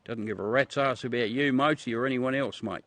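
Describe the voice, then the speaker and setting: A man's voice: medium pitch, brisk, fairly bright tone, no echo. A man from South Australia with an Australian accent, hosting a casual livestream chat with viewers in a blunt, profane way that keeps calling everyone mate. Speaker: livestream host.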